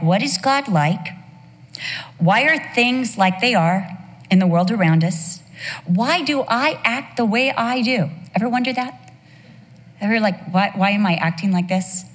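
Husky woman teaching in a reverberant hall. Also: fairly low pitch. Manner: emphatic and expressive, with lively storytelling. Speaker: Bible teacher. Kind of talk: Bible teaching talk to women.

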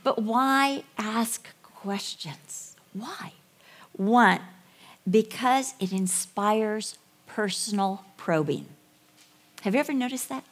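A middle-aged woman preaching to a women's group, animated and storytelling. Her voice sits at an ordinary pitch for a woman. She slips into little acted voices as she retells scenes. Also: takes it slowly. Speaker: women's ministry speaker. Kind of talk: sermon with acted-out Bible dialogue.

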